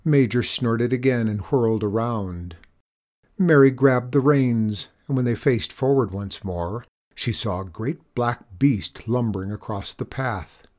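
A man narrating a children's storybook aloud in a gentle, expressive way. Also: mid-range voice, a little slow.

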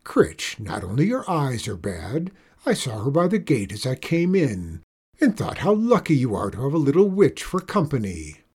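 A man reading a storybook and voicing a stern, snappish old female witch in a lowered, firm voice. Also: wildly swooping pitch, moderate pace, darkish tone, breathy edge, full character voice.

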